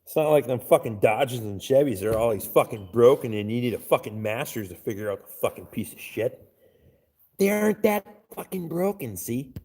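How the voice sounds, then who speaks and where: Man, gravelly voice, lively pitch swings, crude and profane live stream chatter. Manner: crude, blunt, swears constantly. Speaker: live streamer reading chat.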